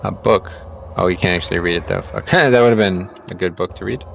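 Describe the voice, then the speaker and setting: A man's voice: low-pitched, brisk, creaky, fairly bright tone, a little hiss or hum. A man streaming a game, chatting casually, reading quest text aloud in a plain voice and swearing now and then. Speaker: streamer playing an online game. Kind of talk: casual gameplay chat.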